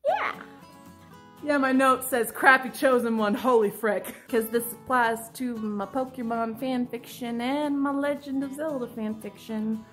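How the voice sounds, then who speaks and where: A fairly high, slightly bright voice with fairly even intonation speaks a little slowly as faint music plays. The speaker, a woman in her twenties, chats in a confessional vlog about her writing, being dramatic and self-mocking, laughing frequently, and erupting into playful fits of mock anguish.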